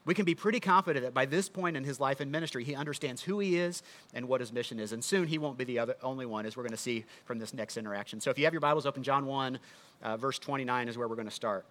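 A man's voice: medium pitch, fast, fairly bright tone. A man preaching a sermon in a conversational teaching manner, often asking the listeners rhetorical questions. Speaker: pastor.

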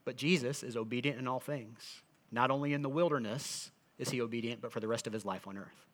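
A man's voice: medium pitch, brisk. A middle-aged man, a pastor, giving an earnest, conversational sermon to a congregation. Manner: earnest, conversational preaching with frequent restarts.

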